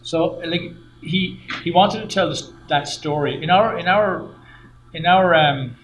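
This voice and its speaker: A man's voice: a little high, measured pace, fairly bright tone. A middle-aged Irish man, a guest singer and professor, explaining thoughtfully in a casual interview with some restarts. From Ireland. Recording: echoey room with faint noise.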